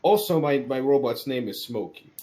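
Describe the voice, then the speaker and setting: A man's voice: medium pitch, animated, normal speed, dark tone. A man playing a tabletop role-playing game, joking and rambling as he explains things. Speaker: player. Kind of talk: casual tabletop play.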